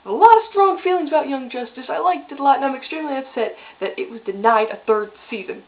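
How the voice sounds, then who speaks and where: A woman's voice: high-pitched, expressive, fairly quick, narrow, tinny audio. A woman giving an impassioned, exclamatory review of a cartoon's ending, her voice breaking when she gets upset. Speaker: vlogger reviewing a cartoon finale. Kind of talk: emotional ranting review.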